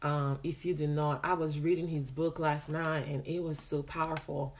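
A woman preacher opening a live broadcast. She greets her viewers by name one after another, sounds excited and laughs often. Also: low-pitched, normal speed.

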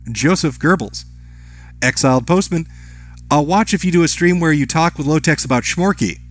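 A man's voice: a little high, moderate pace, no room sound, soft background music. A man reading out viewer messages on a live stream, answering each with brief offhand remarks. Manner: reads chat names and messages aloud, brief offhand replies.

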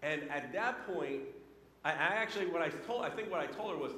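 A man preaching a sermon, telling a personal story with lively swings between loud and hushed delivery. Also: a little high, a little fast. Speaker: pastor. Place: church sanctuary. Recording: echoey church hall with long reverb.

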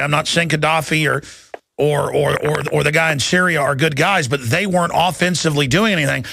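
Radio host guy, gravelly and sharp, urgent, restarts a lot, dry close sound. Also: a little high, no echo. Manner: urgent, restless, many fillers and restarts. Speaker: radio talk show host. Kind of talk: talk radio interview.

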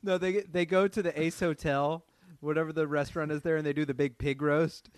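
A man's voice: on the high side, fairly even intonation, fairly quick, clear, resonant tone, no room sound. A man co-hosting a podcast in casual chat, jokey and blunt, swearing casually. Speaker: podcast co-host.

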